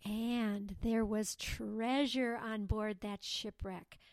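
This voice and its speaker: A woman voicing Lucinda, a gossipy, self-important young girl who chatters in a sing-song way, read slowly in an audiobook. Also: on the high side, lively intonation, no echo, voice pushed up. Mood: chattering. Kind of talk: audiobook dialogue reading.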